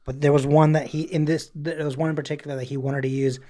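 A man talking casually on a podcast, his voice sitting a little high. He rambles through long stories, piling up fillers and restarts as he goes. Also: level tone, quick pace, mellow. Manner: rambling storyteller, slips into mock voices and quotes. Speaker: podcast co-host. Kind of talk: casual chat.

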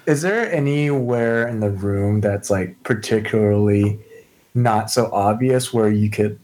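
A man's voice: lowish voice, a little slow, a little mellow, low-quality recording. A man taking part as a player in a tabletop game, talking casually and hesitantly. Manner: unsure, filler-heavy. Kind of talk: casual chat.

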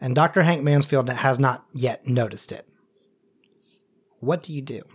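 A man's voice: medium pitch, measured pace, breathy edge. A man running a tabletop role-playing game as game master, narrating casually with lots of "sort of" and "um". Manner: casual, hesitant with fillers like "sort of" and "um".

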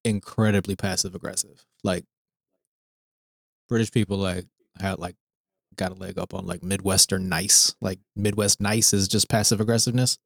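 A man's voice: low voice, moderate pace, vocal fry, no echo, clean studio sound. A man co-hosting a podcast, telling stories casually and leaning on "like" as filler. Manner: animated storytelling full of "like" fillers. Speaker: podcast co-host. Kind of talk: casual chat.

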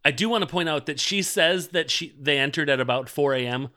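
His voice sits on the high side, a little fast, bright and forceful. As a podcast co-host, he chats casually about a TV episode, rambling with lots of fillers.

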